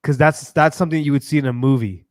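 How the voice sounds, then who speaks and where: Relaxed man in casual chat. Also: medium pitch, quick pace, no echo, clean studio sound. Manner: relaxed, reactive, joking.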